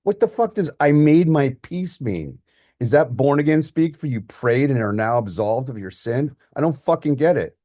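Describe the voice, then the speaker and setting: A man's voice: fairly low pitch, moderate pace, mellow, no room sound, studio quality, lightly acted. A man voicing a grown son, raw and emotional, who is angry at his father and later tender with him. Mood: furious.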